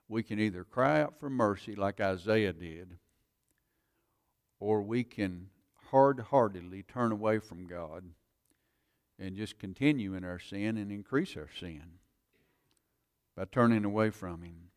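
A man's voice: on the low side, unhurried, pauses often, clear, resonant tone. A man preaching, telling his own conversion story in an earnest, plain-spoken way. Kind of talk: sermon testimony.

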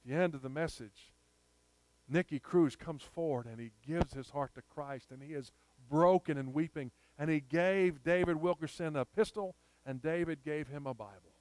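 In a smooth, slightly high voice with a darkish tone, a male preacher delivers his sermon at normal speed, storytelling emphatically and stretching out repeated lines. The sound is dry and close-miked, without any room sound.

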